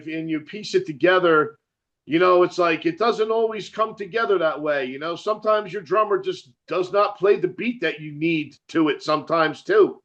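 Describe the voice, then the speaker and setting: A man's voice: sits high, fairly bright tone, highs cut off. A man with a New Jersey accent, a metal musician chatting as an interview guest, rambling, swearing freely and laughing often. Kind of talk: casual chat.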